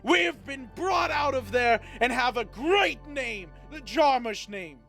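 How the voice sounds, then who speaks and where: A man voicing a proud, furious old father who runs his own establishment, booming threats at his son. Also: fairly even intonation, normal speed, a bit bright, natural voice. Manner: booming, threatening, then contrite. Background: faint background music.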